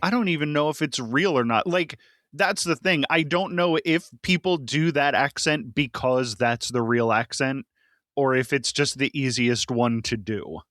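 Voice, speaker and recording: A man's voice: mid-range voice, measured pace, a bit bright, no room sound. Wry male podcast co-host, dry sound. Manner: opinionated, wry, chuckles. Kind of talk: casual chat.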